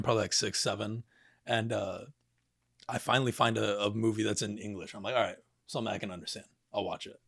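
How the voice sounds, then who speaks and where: A man's voice: on the low side, a bit bright, no echo, clean studio sound. A young man chatting casually on a podcast, rambling with lots of fillers and swearing. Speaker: podcast guest.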